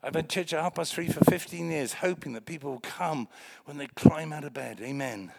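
An older man preaching a lively, joking sermon in a church meeting room, swinging between loud exclamations and hushed remarks. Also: on the high side, a little fast, creaky, noisy background.

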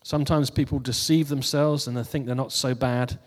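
A man preaching in a relaxed, chatty way, chuckling at his own jokes and then reading scripture. His voice sits at an ordinary middle pitch. A long reverb tail hangs behind every phrase. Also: moderate pace. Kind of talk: casual New Year sermon.

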